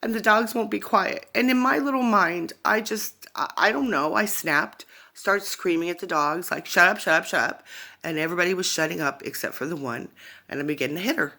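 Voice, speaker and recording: Gravelly, bright-voiced woman telling her story. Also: fairly low pitch. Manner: halting, rambling, often digressing. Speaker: vlogger sharing a personal testimony. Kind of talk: personal storytelling monologue. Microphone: phone.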